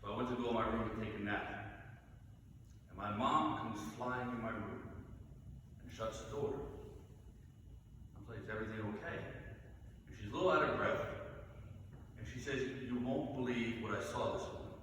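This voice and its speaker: A man's voice: fairly low pitch, moderate pace, pauses often, a bit bright, a little hiss or hum. A man from New York, a priest, telling personal stories in a conversational homily. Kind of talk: storytelling homily. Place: large church. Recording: echoey church hall from far off.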